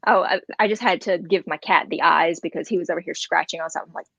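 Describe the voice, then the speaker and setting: A woman's voice: on the low side, fast, vocal fry, slightly rough, no echo, highs cut off. A woman hosting a casual interview over a video call, chatty and curious. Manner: chatty, animated questions. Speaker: host.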